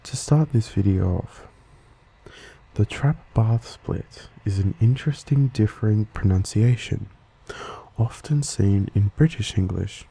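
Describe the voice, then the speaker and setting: A man with an Australian accent, giving a soft-spoken ASMR lesson into a stereo microphone and pronouncing each word slowly and carefully. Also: on the low side, creaky, husky. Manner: slow, careful, gentle enunciation. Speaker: ASMR channel host. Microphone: Blue Yeti microphone, stereo.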